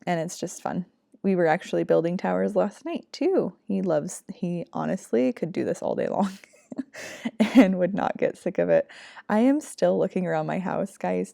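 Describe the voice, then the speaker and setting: A woman's voice: on the low side, gravelly, dark tone, dry recording, clean studio sound. A young woman chatting casually in a voiceover, rambling with laughing asides, as a vlogger and mother.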